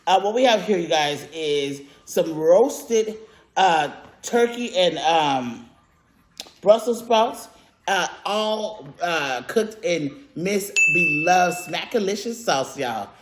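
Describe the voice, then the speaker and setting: A woman's voice: lowish voice, expressive, takes it slowly. A woman hosting a casual eating vlog at home. She gushes over the food with lots of fillers and mm sounds. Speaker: mukbang vlogger. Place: at home, indoors. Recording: echoey room.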